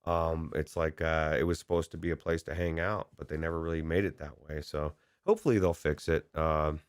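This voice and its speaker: A man with a very low voice, chatting casually as a podcast co-host. He rambles and hesitates, restarting his sentences often. The sound is dry and close, with no room echo. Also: level tone, brisk, smooth. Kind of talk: casual chat.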